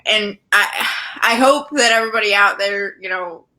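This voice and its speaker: A young woman with a bright, forceful voice speaks earnestly to her listeners. She encourages them with plenty of casual fillers. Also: mid-range voice, normal speed, rough recording. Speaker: podcast co-host. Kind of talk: casual chat.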